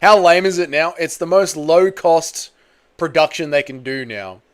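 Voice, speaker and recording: This man's smooth voice sits on the high side and keeps a measured pace as he leads a casual fight watchalong. He reads viewers' chat aloud and swears a lot; his manner is loose and profane, turning to shouts when major moments hit during the live commentary.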